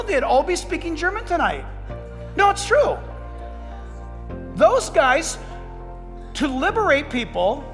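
A man preaching a sermon as a pastor, animated and acting out quoted dialogue in different voices. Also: very high-pitched, in a large hall.

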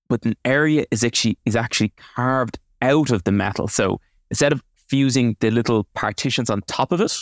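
A man's voice: medium pitch, dry recording, studio quality. A man co-hosting a podcast, explaining things in a casual way with lots of fillers and restarts. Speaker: podcast co-host.

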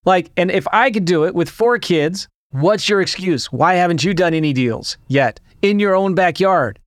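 Upbeat, slightly high-voiced male podcast host. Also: expressive, moderate pace, no echo, studio quality. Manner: enthusiastic, rhetorical questions to listeners. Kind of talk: energetic podcast intro monologue.

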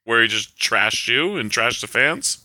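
A man's voice: medium pitch, animated, measured pace, bright, forceful tone, no room sound. A man co-hosting a podcast, chatting casually with dry jokes and frequent laughs. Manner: dry joking, laughs often. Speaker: podcast co-host.

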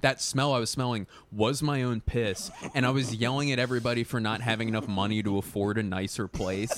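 A man's voice: fairly low pitch, moderate pace, hardly any pauses, a bit bright, slight background noise. A young man co-hosting a casual podcast chat, telling a long, rambling story and laughing through his own words. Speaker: podcast co-host.

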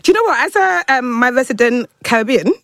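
A woman's voice: a little high, expressive, fast, fairly bright tone, no room sound, clean studio sound. A young woman co-hosting a podcast in casual chat, bubbly and laughing often. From Nigerian heritage. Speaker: podcast co-host.

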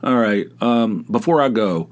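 A man's voice: lowish voice, animated, measured pace. A man hosting a solo podcast, talking in a rambling, wry and exasperated casual way. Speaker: podcast host.

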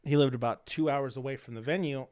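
A man's voice: mid-range voice, fast, darkish tone. Slangy young man with a dry throat. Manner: rambling, slangy, swears freely, many restarts. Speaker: podcast host. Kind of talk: casual storytelling monologue.

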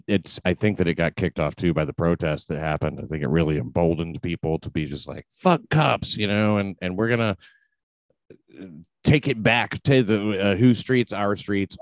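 A man's voice: low voice, dry recording. A man hosting a podcast, talking casually in a rambling, profane way with many restarts. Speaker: podcast host. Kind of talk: casual chat.

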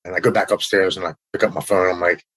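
Man, lowish husky voice, casual earnest storytelling, halting delivery. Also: sing-song, a bit bright, rough recording. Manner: earnest, halting, repeats words when emotional.

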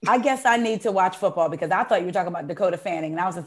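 A woman co-hosting a podcast in casual chat, with quick, wry interjections. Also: fairly low pitch, darkish tone. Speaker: podcast co-host.

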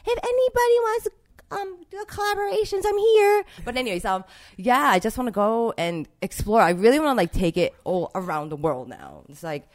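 A young woman chatting in an interview, her pitch swinging widely as she talks. She rambles with plenty of fillers and gets emotional about her work. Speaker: interviewed street artist. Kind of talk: casual interview talk.

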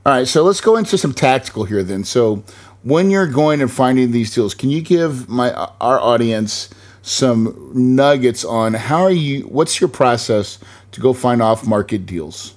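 A man's voice: mid-range voice, expressive, unhurried, a little mellow. A man hosting a casual interview podcast, upbeat and enthusiastic, tagging his points with "right?". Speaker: podcast host.

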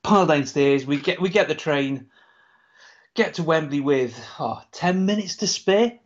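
Podcast co-host, male, rambling anecdotal storyteller, slightly high pitch, dull lo-fi recording. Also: unhurried. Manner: rambling storyteller, swears, laughs often. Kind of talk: casual chat. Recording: dull lo-fi sound.

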